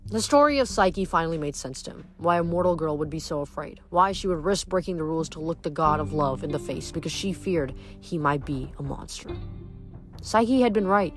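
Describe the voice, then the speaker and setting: Brief: woman narrator reading a book, fairly low voice, steady and reflective, soft music under her. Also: brisk. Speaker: book reader. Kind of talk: reading a novel aloud.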